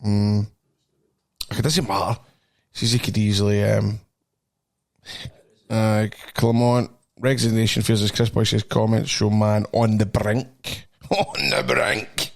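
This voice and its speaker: A man's voice: lowish voice, flat delivery, unhurried, creaky, pauses often, darkish tone. A Scottish man hosting a podcast, telling rambling, swearing stories in casual banter with lots of laughing. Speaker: podcast host.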